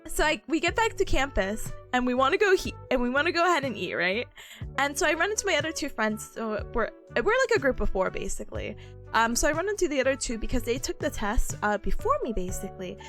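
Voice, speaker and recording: Young woman streamer, high lively voice, chatty storyteller, faint music underneath. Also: fast talker. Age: young adult. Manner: animated, laughing often, acting out her own past lines. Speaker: study stream host. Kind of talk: casual storytelling to stream viewers.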